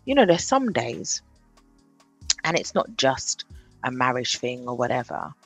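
A woman, talking candidly on her own podcast, swinging from brash self-hype to quiet confession. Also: a bass voice, very animated, unhurried, slightly rough, soft background music. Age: 30s. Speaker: podcast host. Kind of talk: candid solo podcast monologue.

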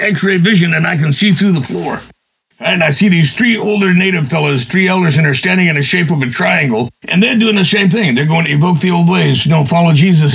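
Gravelly man telling a folksy story. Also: on the high side, a bit bright, low-quality recording. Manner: folksy, rambling, peppered with "man" and "you know". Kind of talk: casual storytelling.

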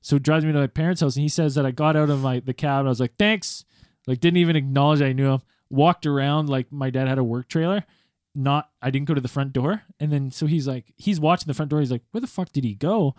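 A man's voice: mid-range voice, fairly even intonation, fast, darkish tone, dry recording, clean studio sound. A man in his thirties in casual chat, telling rambling, profane stories about nights out.

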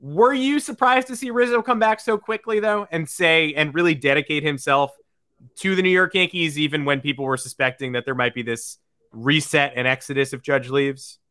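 A man's voice: fairly high pitch, normal speed, pushed and bright, clean tone, dry recording, clean studio sound. A man co-hosting a sports podcast in upbeat casual talk, reading out listener questions. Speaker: podcast co-host.

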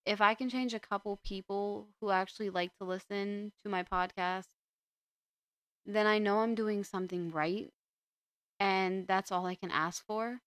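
A woman's voice: mid-range voice, steady tone, a little slow, dry recording. A young woman hosting a podcast, chatting casually and rambling with frequent restarts. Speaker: podcast host. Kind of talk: casual chat.

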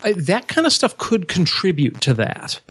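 A man's voice: high voice, sing-song, normal speed, a bit bright, breathy edge. A man in a casual podcast chat who talks thoughtfully and hesitantly, with many fillers. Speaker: podcast co-host.

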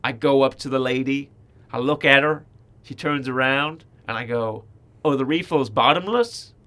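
A young British man in casual chat, telling stories with lively acted-out quotes. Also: mid-range voice, moderate pace, smooth. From Britain.

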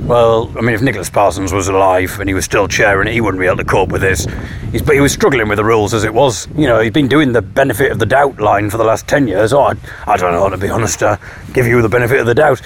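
A man's voice: fairly low pitch, quick pace, noisy background. A man telling stories in a casual vlog, acting out people's voices as he retells them. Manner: mimics voices when retelling. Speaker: vlogger. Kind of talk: casual storytelling monologue. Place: home, eating with partner.

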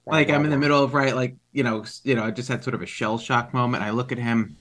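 A man's voice: mid-range voice, fairly even intonation, quick pace, fairly bright tone. A man playing a tabletop game, describing his moves in a rambling way full of fillers. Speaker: player. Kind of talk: casual tabletop play.

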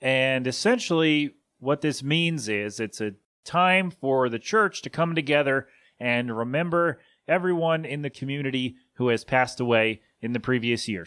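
A man's voice: medium pitch, a bit bright, clear, resonant tone. A man in his thirties hosting a podcast, telling a story in a casual, rambling way that corrects itself as he goes. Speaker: podcast host.

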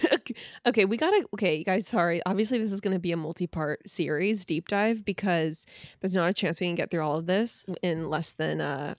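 A woman's voice: lowish voice, brisk, no echo, clean studio sound. A woman co-hosting a podcast from home, reading an article aloud with playful, sarcastic commentary. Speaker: podcast co-host. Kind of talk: casual chat reading an article.

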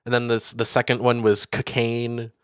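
A young man chatting in a loose, joking way, breaking into laughter as he talks. His voice sits at an ordinary pitch and sounds close and dry, with no room around it. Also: monotone, normal speed, clean tone, no room sound. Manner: laughs often, quotes film lines in silly voices. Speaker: podcast co-host. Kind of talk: casual chat.

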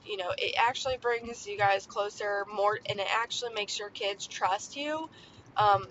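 A woman's voice: mid-range voice, a bit bright. A woman in her thirties hosting a podcast, talking casually about parenting in a rambling, chatty way with lots of fillers. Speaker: podcast host. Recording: slightly dull lo-fi sound with faint background noise.

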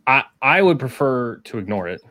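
A man co-hosting a casual podcast, talking in halting starts with many fillers. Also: mid-range voice, sing-song, pushed and bright. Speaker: podcast co-host. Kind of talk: casual chat.

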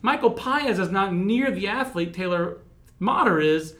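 A man in casual podcast chat about baseball prospects, animated and rambling, poking fun at himself. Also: sits high, a little slow. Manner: animated, rambling, self-mocking.

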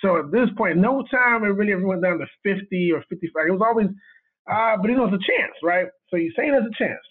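Man, video director, casual storytelling, higher voice, husky, tinny phone sound. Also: fast talker. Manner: animated, laughing retelling with quoted dialogue.

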